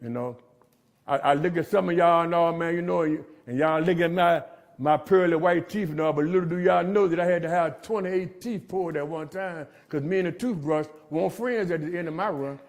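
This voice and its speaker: A man's voice: on the high side, a little fast. A middle-aged man giving a streetwise recovery testimony to inmates, preachy and calling everyone "man" as he talks. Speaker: recovery speaker. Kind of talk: testimony talk. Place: jail meeting room.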